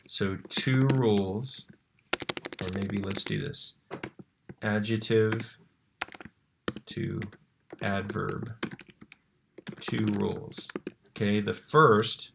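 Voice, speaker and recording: A man teaching Latin grammar in a relaxed tutorial, often checking in with "right?" and "okay?". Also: on the low side, vocal fry, a little hiss or hum. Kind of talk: tutorial walking through a screen lesson.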